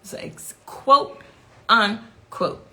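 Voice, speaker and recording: A woman's voice: a little high, slow pace, pushed and bright. A middle-aged woman, the mother of a victim, giving an intense, emotional personal account and repeating her key phrases.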